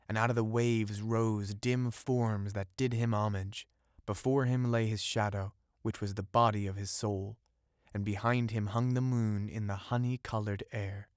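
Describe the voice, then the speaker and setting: Low-voiced man narrating an old tale. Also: no echo, clean studio sound. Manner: measured, formal reading. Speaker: audiobook narrator. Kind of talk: scripted storybook narration.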